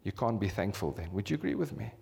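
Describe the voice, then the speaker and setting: A man's voice: on the low side, lively intonation, quick pace, creaky, a little mellow, breathy edge. A man in his fifties with a South African accent, preaching a sermon and putting rhetorical questions to his congregation. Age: 50s. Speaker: pastor. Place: church hall. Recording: long reverb of a church hall.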